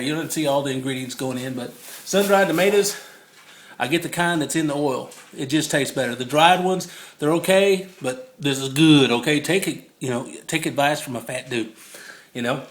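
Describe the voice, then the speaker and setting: A home cook with a light, higher, fairly bright male voice films a casual recipe demo in his kitchen, speaking briskly. Chatty and jokey, he laughs often at his own jokes, and the phone mic picks up the echo of the roomy kitchen.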